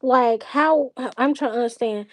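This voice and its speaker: A woman's voice: fairly high pitch, normal speed. A woman hosting a livestream, telling a story in casual chat, blunt and exasperated, with frequent cursing. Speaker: livestream host.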